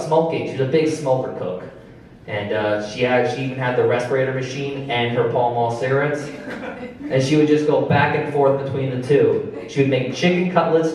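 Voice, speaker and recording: A stand-up comedian in a club, talking at an everyday middle pitch. He tells a family story in a loose, deadpan way. The mic sits back from him, so his voice rings around the echoey room. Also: distant mic, a little hiss or hum. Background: audience laughter.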